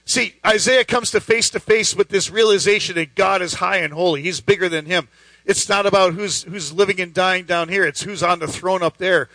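A man's voice: sits high, moderate pace, sharp tone, no echo, low-quality recording. A man preaching a sermon in an emphatic, conversational way, full of rhetorical questions.

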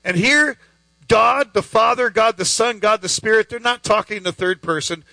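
High bright-voiced male preacher. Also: normal speed, vocal fry, no room sound, rough recording. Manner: emphatic, conversational, rhetorical questions. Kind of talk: sermon.

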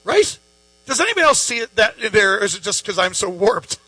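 A man's voice: sits high, sing-song, a little fast, sharp tone, no echo, soft background music, rough recording. A man preaching a casual, conversational sermon, chatting with his listeners, joking as he goes and acting out quoted voices. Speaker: pastor.

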